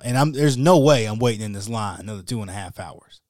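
A male podcast host telling a story solo in a casual, animated, slangy and wry way. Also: on the low side, quick pace, dry recording, clean studio sound.

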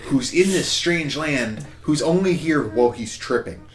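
A man's voice: on the high side, lively intonation, unhurried, slight background noise. A man chatting casually with friends, rambling through a long crude story with frequent laughs. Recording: echoey room with faint ambience.

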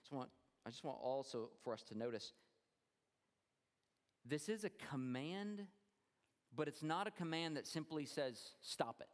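A man delivers a sermon in a fairly high voice, and his words ring out in a long church reverb. He is expressive, often sinking low and quiet to stress a point. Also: measured pace, pauses often. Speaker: pastor.

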